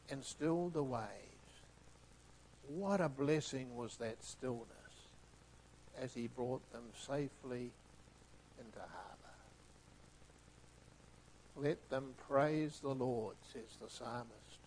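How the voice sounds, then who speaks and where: A man preaching a sermon with emphatic delivery that swings between hushed, soft phrases and loud, stressed ones. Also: medium pitch, slight background noise, poor audio.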